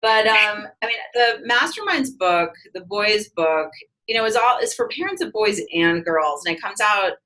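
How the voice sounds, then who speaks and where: A woman's voice: mid-range voice, lively intonation, normal speed, sharp tone, low-quality recording. A woman author giving an interview in a candid, emphatic conversational way, often restarting her sentences.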